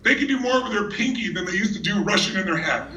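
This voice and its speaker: A man giving a motivational talk on stage to a live audience, telling stories in an energetic, emphatic way. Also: high voice, fast. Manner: energetic storyteller, teasing and emphatic. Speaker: motivational speaker. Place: large hall with a live audience. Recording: echoey hall from far off.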